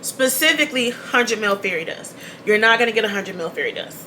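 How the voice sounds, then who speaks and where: Chatty woman vlogger, bright crisp voice, repeats stuff, laughs a lot, little bit of hiss. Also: mid-range voice, animated, brisk. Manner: chatty, repeats key points, laughs often. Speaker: beauty channel host. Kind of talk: casual chat to camera.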